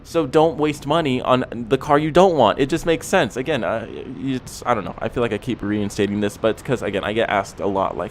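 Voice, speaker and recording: A man's voice: mid-range voice, animated, fairly quick, slight background noise. A young man giving casual car-modding advice in a rambling, laid-back way, often checking in with "okay?" and "you know". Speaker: car vlogger. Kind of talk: casual advice talk to camera.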